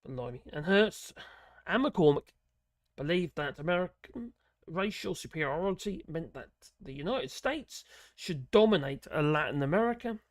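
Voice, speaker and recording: A man hosting a political channel, reading an article aloud in a halting way with many fillers and adding sarcastic asides. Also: sits high, lively intonation, no room sound.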